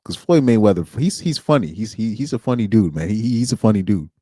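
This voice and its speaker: A man's voice: on the low side, big pitch swings, fast talker, warm tone, slightly rough, dry recording, studio quality. A young man streaming alone, chatting casually in slang, rambling and laughing as he goes. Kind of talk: casual chat.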